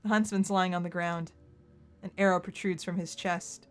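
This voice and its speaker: A woman's voice: fairly low pitch, fairly even intonation, moderate pace, clear, resonant tone. A woman streaming a visual novel playthrough, reading the story aloud in her own voice. She reacts with strong emotion and sudden outbursts as she goes. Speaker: game streamer.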